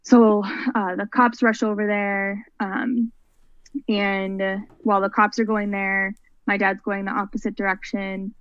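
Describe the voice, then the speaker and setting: A woman's voice: mid-range voice, level tone, unhurried, dry recording. A young adult woman, a podcast interview guest, recounting a personal story in an earnest, rambling way. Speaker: guest, mental health advocate. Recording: dull lo-fi, dry sound.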